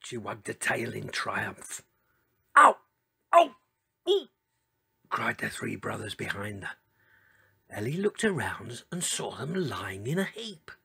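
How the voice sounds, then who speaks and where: A man reading a children's story aloud in a lively, expressive way, talking to a few listeners by name. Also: fairly low pitch, unhurried, gravelly, breathy edge.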